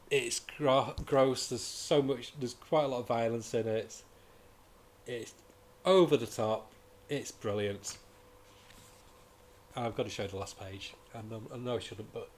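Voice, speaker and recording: A man reviewing comics in casual chat, talking in an enthusiastic, rambling way and often restarting his sentences. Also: medium pitch.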